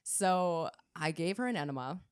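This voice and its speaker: A woman's voice: fairly low pitch, animated, normal speed, clear, resonant tone, dry recording, clean studio sound. A woman co-hosting a nursing podcast, telling stories in casual chat and laughing often. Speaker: podcast co-host, nurse.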